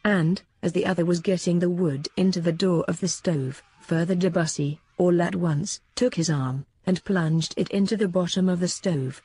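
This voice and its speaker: A woman narrating an old religious book in a steady, measured voice. Her tone is dark and mellow with a husky edge. The sound is dry and close. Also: fairly low pitch, dry recording. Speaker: reader.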